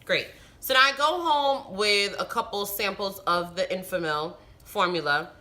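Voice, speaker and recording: A woman vlogger talking casually to camera, telling a personal story in an animated, emphatic way. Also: medium pitch, measured pace. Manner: animated, emphatic retelling with frustrated outbursts. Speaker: vlogger and new mother.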